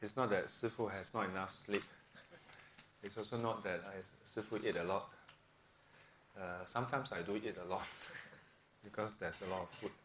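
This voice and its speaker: A man's voice: on the low side, steady tone, moderate pace, a bit bright, a little hiss or hum. A man with a partly blocked nose, chatting casually and laughing often as he leads a weekly group in a room. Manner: chatty, laughs often, uses local English phrasing. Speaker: teacher leading a weekly group. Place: room with an audience.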